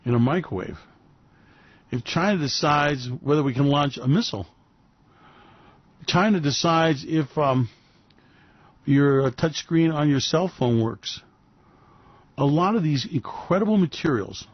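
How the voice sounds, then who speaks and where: A man's voice: on the high side, no room sound. Sarcastic, rambling male commentator. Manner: rambling, sarcastic, fillers and restarts. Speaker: host. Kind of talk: sarcastic radio commentary monologue. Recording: dull lo-fi dry recording.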